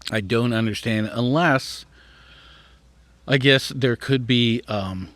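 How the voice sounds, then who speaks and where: A man reads an article aloud for his podcast, speaking slowly in a medium-pitched, slightly bright voice on a dry recording. He stops to muse and sometimes stumbles over hard words.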